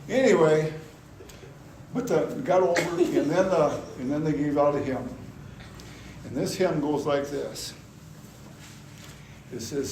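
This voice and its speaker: Older man, personal testimony, animated storytelling, slightly high voice, echoey hall, faint hiss. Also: slow, pauses often. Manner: animated storytelling, acts out his own past anger. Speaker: testimony speaker. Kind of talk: personal testimony at a gospel meeting. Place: gospel hall.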